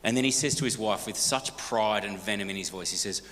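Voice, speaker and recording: A middle-aged man with an Australian accent speaks to a church congregation, his voice on the low side. He tells stories in a lively, joking way and keeps asking the audience questions. The sound rings with the long reverb of a large church hall. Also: a little fast. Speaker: guest speaker. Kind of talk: storytelling talk to a church congregation.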